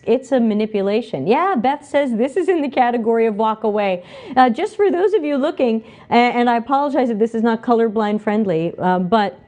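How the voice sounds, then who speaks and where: A woman hosts a casual livestream, picking up viewer comments and answering each one with energy and emphasis. Her voice sits slightly higher than average. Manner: animated, emphatic, reads comments aloud. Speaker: livestream host reading chat.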